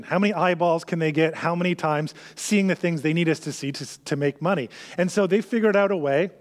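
A man preaching a sermon in an earnest way, often dropping to a soft hush on key lines. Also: fairly high pitch. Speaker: pastor.

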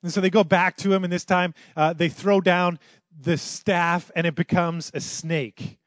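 A man's voice: high-pitched, level tone, measured pace, no room sound. A man preaching a sermon as pastor in a church, telling the story conversationally and acting out the quotes.

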